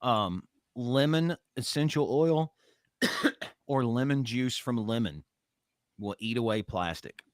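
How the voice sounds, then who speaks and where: A man's voice: medium pitch, takes it slowly, no room sound, clean studio sound. A man co-hosting a podcast in casual chat, rambling and joking with many fillers. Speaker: podcast co-host.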